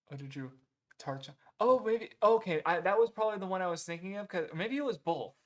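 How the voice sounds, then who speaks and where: A man's voice: high-pitched, normal speed, long pauses. A man talking casually to viewers, rambling with lots of "um" and "like", correcting himself mid-sentence and swearing now and then. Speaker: streamer reading viewer recommendations.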